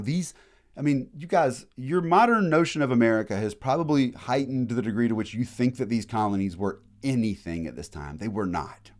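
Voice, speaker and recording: A man giving a casual, animated history lecture, full of slang and quick acted-out asides. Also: medium pitch.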